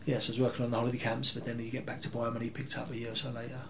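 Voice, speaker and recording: A man, telling rambling, animated anecdotes as an interview guest. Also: mid-range voice, rapid-fire, gravelly. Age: 30s. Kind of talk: casual interview storytelling.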